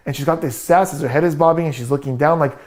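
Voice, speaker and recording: A man commenting on a video clip as a body language analyst, explaining gestures confidently in quick bursts. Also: a little high, a little mellow.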